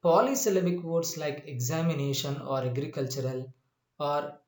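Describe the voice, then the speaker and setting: A male English teacher with a voice on the high side goes through his slides at a slow, deliberate pace, recorded in an echoey room. He restates his points and fills frequent pauses with "uh" and "you know."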